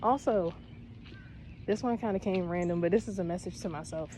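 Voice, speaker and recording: A woman's voice: lowish voice, fairly quick, dark tone, slight background noise. Earnest woman giving a slangy pep talk. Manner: earnest, affirming, slangy with swearing. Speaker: spiritual vlogger. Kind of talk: casual spiritual pep talk.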